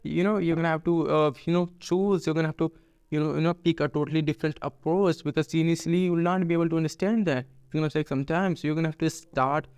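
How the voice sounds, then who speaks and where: A man's voice: on the high side, steady tone, fast, a little mellow, clean tone, no room sound. A man, a his first, giving a casual lesson to camera, full of fillers and restarts. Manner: hesitant, many fillers and restarts. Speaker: English tutor. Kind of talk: casual teaching talk to camera.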